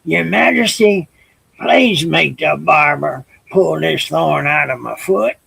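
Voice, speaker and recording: A man's voice: a little high, slow pace, gravelly, sharp tone, husky, no room sound, full character voice. An older man voicing a small male tailor bird who begs for help in a sing-song, pleading way.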